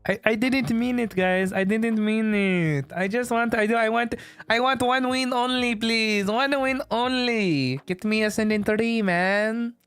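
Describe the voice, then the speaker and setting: A man's voice: high-pitched, slow, hardly any pauses, bright, forceful tone, smooth, dry recording, voice pushed up, exaggerated voice. A man streamer doing a goofy hyped gamer in a made-up accent, in broken English, repeating himself insistently. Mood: pleading.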